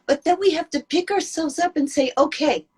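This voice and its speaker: A woman giving an earnest, emphatic inspirational talk to women, telling stories with warmth and conviction. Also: high voice, moderate pace. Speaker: Jewish women's speaker.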